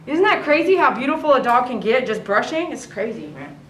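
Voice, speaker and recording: Woman, dog groomer, chatty commentary, soft cooing asides, echoey salon, mic set back. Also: fairly high pitch, big pitch swings, brisk. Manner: chatty, coos softly to the dog. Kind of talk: casual running commentary while grooming. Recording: echoey room, mic at a distance.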